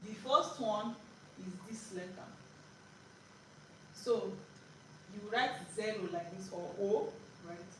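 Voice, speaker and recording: A woman's voice: mid-range voice, takes it slowly, long pauses. Woman teaching from far off. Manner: patient, repeats points, checks in with "right?". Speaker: Korean language teacher. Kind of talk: live beginner lesson. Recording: echoey room, distant mic, background noise.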